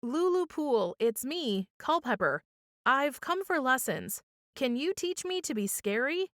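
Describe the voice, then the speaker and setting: A woman voicing a timid little boy ghost in a children's story, with a small, plaintive, squeaky voice. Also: sing-song, unhurried, fairly bright tone, no echo, clean studio sound, full character voice. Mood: pleading.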